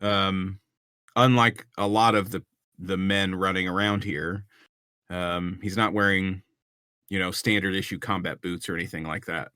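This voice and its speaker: A man's voice: sits low, steady tone, measured pace, bright, forceful tone, clear, resonant tone, no room sound, clean studio sound. A man narrating a tabletop game as game master, describing scenes with frequent ums and restarts.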